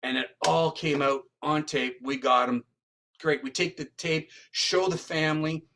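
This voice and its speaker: Against a noisy background, a man with a highish voice tells a story at a measured pace. He is a psychic medium and criminal profiler being interviewed, and his animated retelling is peppered with "right?"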